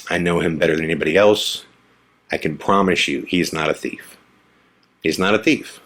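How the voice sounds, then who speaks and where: Husky man telling a story. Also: low voice, moderate pace. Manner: animated, acts out quotes in a hushed voice. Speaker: podcast host. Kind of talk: storytelling monologue.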